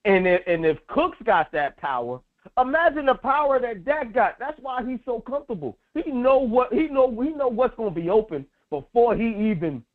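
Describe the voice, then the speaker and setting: A man co-hosting a sports talk show, loud and emphatic, repeating phrases for effect. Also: high-pitched, sing-song, normal speed. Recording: tinny phone-like audio.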